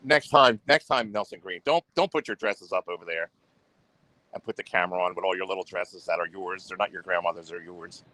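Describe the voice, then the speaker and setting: Deep-voiced boastful man on a livestream. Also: brisk, a bit bright, dry recording. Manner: boastful and repetitive, goes on the offensive. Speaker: livestream host. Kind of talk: rambling livestream talk.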